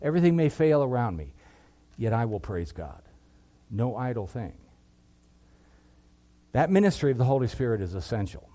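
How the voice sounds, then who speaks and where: Impassioned male preacher, lively swinging pitch. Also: moderate pace, long pauses. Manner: impassioned preaching, rising loud then dropping low. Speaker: pastor. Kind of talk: sermon.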